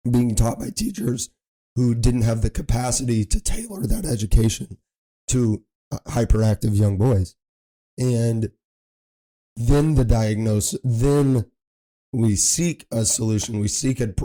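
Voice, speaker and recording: Hoarse podcast host guy, 30s, deep dark tone, talks on and on making his case. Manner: talks in long runs, pressing his point. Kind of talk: casual chat.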